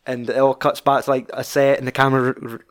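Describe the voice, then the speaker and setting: A man's voice: medium pitch, little pitch movement, quick pace, clear, resonant tone. A young man with a Scottish accent chatting casually about a film, rambling and swearing freely.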